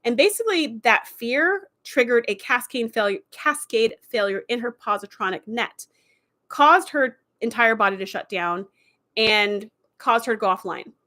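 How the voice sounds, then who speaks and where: A woman hosting a live stream, giving a chatty, animated episode recap with lots of "like" and "you know.". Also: fairly high pitch, moderate pace.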